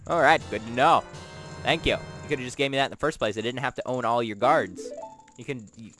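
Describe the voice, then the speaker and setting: A let's play gamer, a man with a medium-pitched voice, talks a little fast over music. His casual gameplay commentary is goofy and rambling, and he often talks back to the game's characters.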